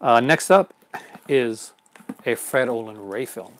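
A man's voice: medium pitch, expressive, slow pace, slight background noise. A man hosting a live unboxing stream in casual chat, rambling and chuckling often. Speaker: host.

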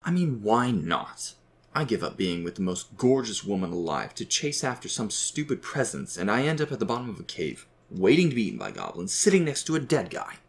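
Man doing sarcastic young hero at the end of his rope; low, storybook style. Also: very animated, a little fast. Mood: exasperated. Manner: sarcastic, exasperated. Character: exasperated young man lost in goblin caves.

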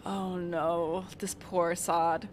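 A woman's voice: lowish voice, little pitch movement, very slow, a little hiss or hum. A woman streaming a game, chatting casually, giggling and greeting viewers in chat by name. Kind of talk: casual let's-play commentary.

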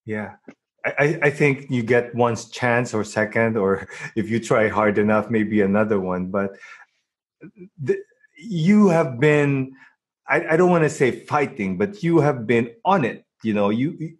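Male host, husky, halting and affirming, casual chat. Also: medium pitch. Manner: warmly affirming, halting with repeated words.

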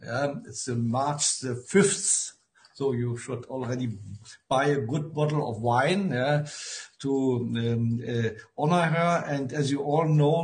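A man's voice: medium pitch, takes it slowly, darkish tone. A man with a German accent giving an academic talk over a video call, friendly and filled with hesitations. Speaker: guest speaker.

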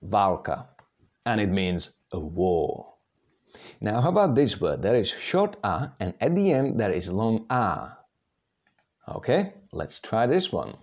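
Patiently demonstrating sounds for learners, a Czech man teaches pronunciation slowly, one step at a time. His lowish, darkish voice swoops wildly in pitch while keeping a measured pace.

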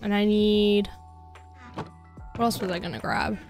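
A woman's voice: mid-range voice, fairly even intonation, measured pace, music in the background. A Canadian woman streaming a game, chatting casually with her viewers and reading their messages aloud. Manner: chatty, reads chat aloud, laughs easily. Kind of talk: casual chat while gaming.

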